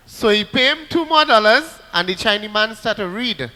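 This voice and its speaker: Loud high-voiced Trinidadian man telling jokes. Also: expressive, a little fast, hardly any pauses, long reverb tail. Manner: loud storytelling with put-on character voices. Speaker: comedian. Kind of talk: stand-up joke telling.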